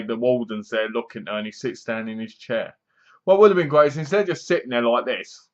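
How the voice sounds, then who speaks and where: A man's voice: medium pitch, muffled recording. A man giving a rambling, scornful horror film review, often mimicking the characters. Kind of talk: casual ranting movie review.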